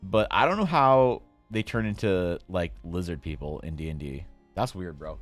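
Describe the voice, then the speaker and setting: A man streaming while he draws, chatting casually with his viewers in a jokey, mock-outraged way, with sudden loud bursts. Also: deep voice, expressive, moderate pace, soft background music. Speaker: artist streaming while drawing. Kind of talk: casual livestream chat to viewers.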